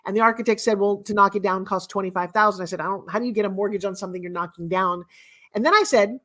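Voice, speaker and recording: A woman's voice: medium pitch, fast. A middle-aged woman giving a blunt, emphatic motivational talk as a guest speaker and mentor. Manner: blunt and emphatic, with sharp swings in loudness.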